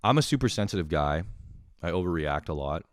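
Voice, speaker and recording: A man's voice: low voice, animated, brisk, no room sound, clean studio sound. A man telling rambling comic stories in a loose, profane way, full of "like" fillers. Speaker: comedian.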